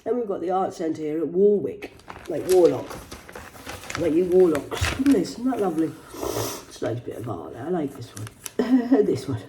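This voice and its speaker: A woman with a low voice reads out news headlines at a moderate pace, sounding animated, with background noise behind her. Her rambling livestream commentary is full of heavy swearing and mocking remarks.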